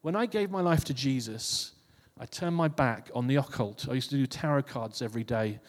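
Here a man preaches informally to a congregation, his talk conversational, with phrases repeated and restarted. He has a medium-pitched voice and speaks fairly quickly. The sound is washed in long hall reverb.

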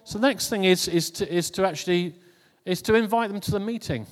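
A man's voice: sits high, a little fast. A man giving an informal sermon to a congregation, talking in a conversational way that repeats and restarts phrases. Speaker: preacher. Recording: long hall reverb.

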